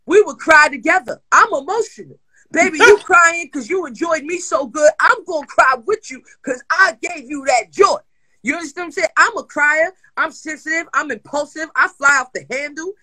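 A woman hosting a casual chat show, telling stories loudly and bluntly with lots of swearing. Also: high-pitched, moderate pace, dry recording, rough recording. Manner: loud, profane, animated storytelling. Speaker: host.

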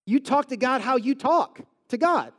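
A man preaching a sermon in a high voice, rambling and conversational as he acts out everyday prayers. His words ring out with a long hall reverb. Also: expressive, normal speed, fairly bright tone. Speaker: pastor.

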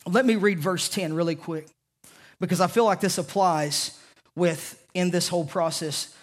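Man, pastor, Southern US accent, high-pitched voice, impassioned sermon, loud-to-hushed swings, church congregation. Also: moderate pace. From American South.

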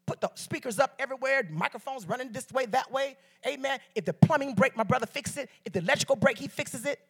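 Fast and husky, with a high voice, a woman from Detroit guest-preaches a sermon. She calls on the congregation to respond and tells stories as she goes.

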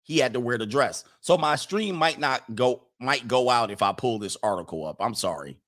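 A man's voice: medium pitch, expressive, normal speed, fairly bright tone. A man hosting a live stream, casually commenting, joking and rambling as he reads viewer messages. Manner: rambling, joking, talks back to himself. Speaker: live-stream host reading viewer chats.

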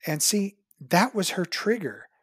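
A dentist guest telling a patient story, acting out both sides of the talk with lively pitch jumps. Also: unhurried, breathy edge, no echo, clean studio sound. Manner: animated, acts out patient dialogue with big pitch jumps. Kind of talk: storytelling in an interview.

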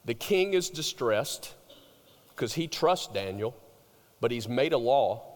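A man preaching a sermon, telling the story with animated swings between loud emphasis and hushed, drawn-out words. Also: mid-range voice, in a large hall. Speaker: pastor.

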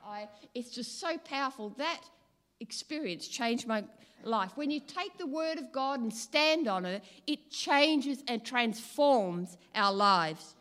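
A woman's voice: high-pitched, a bit bright. A middle-aged woman, preaching a sermon in an earnest, emphatic, storytelling way. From Australia. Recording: long hall reverb.

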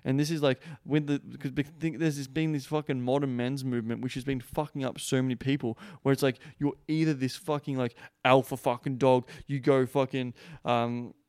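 A man with a gravelly yet smooth voice, recorded dry and close. He talks in a loose, rambling coaching style. He swears in nearly every sentence and leans on "like" as filler. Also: medium pitch, flat delivery, moderate pace, a little mellow, dry recording. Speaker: podcast host. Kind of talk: blunt casual coaching talk.

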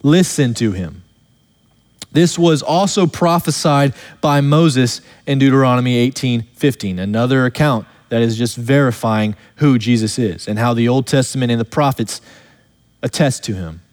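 A male pastor preaching an earnest expository sermon, slowing down to stress the verses he quotes. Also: mid-range voice, darkish tone, big-room sound.

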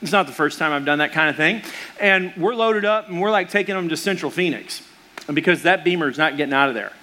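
A pastor with a notably high voice preaches a sermon. He tells stories with humor and animated asides, drawing the congregation in. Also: fairly quick.

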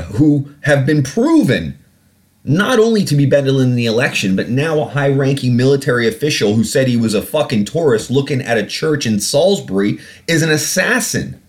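Male podcast host, fired-up rant, heavy swearing, mid-pitched voice. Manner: animated, profane ranting. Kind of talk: casual opinion podcast.

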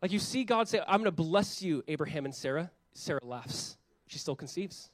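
A young adult man, a pastor, preaching a sermon in a conversational, animated way and acting out the voices he quotes. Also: on the high side, moderate pace, few pauses, no room sound.

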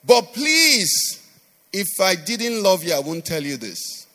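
Male pastor, high and lively voice, sing-song call-and-response preaching, long church-hall reverb. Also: normal speed. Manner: sing-song emphatic delivery. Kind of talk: sermon.

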